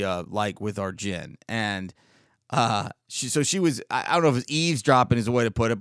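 A man's voice: on the low side, dry recording, studio quality. A man in his forties from the United States, rambling wryly and sarcastically through a casual solo monologue as a podcast host.

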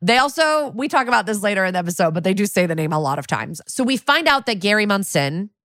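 A woman co-hosting a podcast, casually recapping a TV episode and acting out the characters' lines with lively energy. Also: medium pitch, quick pace, no room sound, clean studio sound. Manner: animated storytelling, acting out quoted lines. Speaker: podcast co-host.

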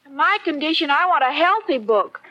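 A giggly, naive scatterbrain with a very high, squeaky voice. It is a 1940s radio comedy heard through a scratchy old broadcast recording. A hissy, noisy background sits under the dull sound. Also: female voice, lively intonation, fairly quick. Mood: sweetly earnest. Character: scatterbrained young woman faking illness.

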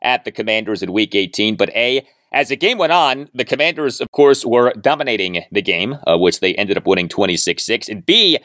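A man in his forties hosting a sports podcast, reading listener emails and answering with brisk, dry humor. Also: lowish voice, animated, bright, forceful tone, no echo. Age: 40s. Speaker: podcast host. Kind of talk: sports talk podcast monologue.

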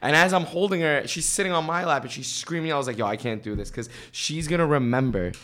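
A young man hosting a casual podcast chat, telling animated stories with plenty of swearing. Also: on the high side, fast talker. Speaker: podcast host.

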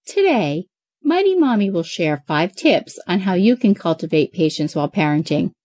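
40s mom host reading parenting tips, bouncy upbeat delivery, super dry close sound. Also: female voice, lowish voice, sing-song, moderate pace, a little mellow, dry recording. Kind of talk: scripted advice reading.

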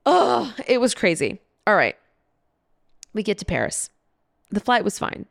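A woman's voice: mid-range voice, very animated, a little slow, vocal fry, long pauses, dry recording, studio quality. A young adult woman hosting a podcast, telling a travel story in a chatty way, with lots of "like" fillers, frequent laughs and some swearing. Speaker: podcast host. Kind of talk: casual storytelling monologue.

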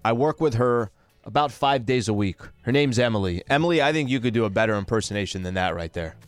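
A man's voice: mid-range voice, animated, fast, no echo, faint music behind. A man co-hosting a radio show, laid-back and self-deprecating in casual banter. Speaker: sports radio co-host. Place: radio studio.

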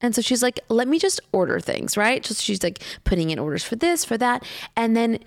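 A woman's voice: on the high side, a little fast. A woman telling a story in casual chat with friends, acting out what people said. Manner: animated, quotes people in different voices.

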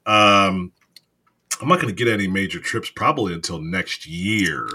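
A man's voice: deep voice, lively intonation, normal speed, pushed and bright, breathy edge. A man co-hosting a podcast in casual chat, rambling, teasing and laughing often. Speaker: podcast co-host.

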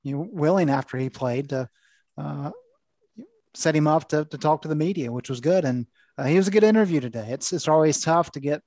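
A man, a veteran sports reporter, explaining things in a measured, rambling way. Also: fairly high pitch, a little mellow, no room sound. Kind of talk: casual sports analysis.

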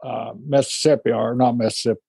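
A man's voice: mid-range voice, fairly even intonation, fast, vocal fry, mellow, husky, dry recording. A man chatting casually on a podcast, laughing along and telling his own story. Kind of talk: casual chat.

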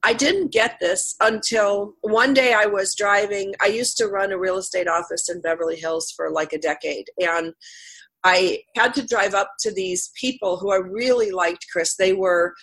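A woman's voice: medium pitch, fairly even intonation, moderate pace, a bit bright, slightly rough. A middle-aged woman hosting a radio talk show, who has a cold and tells stories chattily, laughing often. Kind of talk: casual interview chat.

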